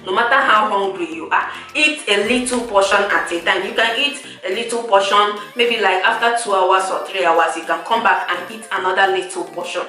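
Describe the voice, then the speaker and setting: A young woman, chatting casually to her viewers, animated and laughing often, repeating words for emphasis. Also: mid-range voice, moderate pace, few pauses. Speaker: vlogger. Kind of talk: casual chat to camera. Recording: roomy echo, far from the mic, faint music.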